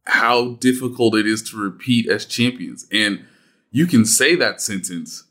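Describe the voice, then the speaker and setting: A man's voice: fairly low pitch, unhurried, a bit bright. A man co-hosting a casual sports talk show, reflective and hesitant with many fillers. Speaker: sports podcast co-host.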